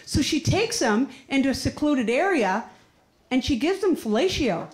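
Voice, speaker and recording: Woman, Canadian accent, stand-up comic, high voice, animated storytelling, echoey club, faint crowd laughter. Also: moderate pace. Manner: animated storytelling, acts out characters. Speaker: stand-up comedian. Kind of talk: stand-up comedy set. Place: comedy club stage before a laughing crowd.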